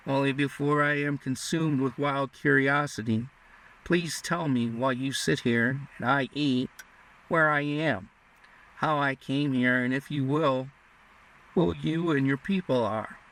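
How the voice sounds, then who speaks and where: A man's voice: mid-range voice, fairly even intonation, a little slow, a bit bright. A man reading the part of a dazed, curious young lieutenant who speaks politely and with bewilderment. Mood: puzzled. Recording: distant mic.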